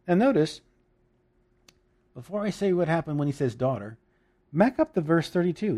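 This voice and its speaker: A man preaching a sermon, animated and emphatic, with laughing asides and dramatic emphasis. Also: on the high side.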